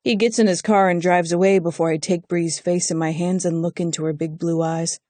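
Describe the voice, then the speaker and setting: An audiobook narrator giving an intimate, measured first-person romance reading on a close studio mic. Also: medium pitch, fairly even intonation, darkish tone, no room sound.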